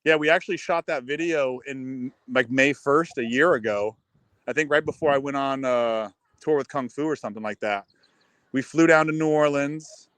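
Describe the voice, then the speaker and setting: A man guest on a live talk show, telling stories with lots of restarts in a casual, animated way. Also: medium pitch, normal speed, clear, resonant tone, no echo, poor audio. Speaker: musician guest. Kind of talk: casual chat.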